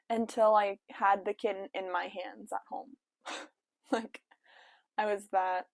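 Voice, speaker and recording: A woman's voice: medium pitch, no room sound. A young woman chatting casually to camera at home, telling a story with lots of "like" and quoted asides. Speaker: vlogger.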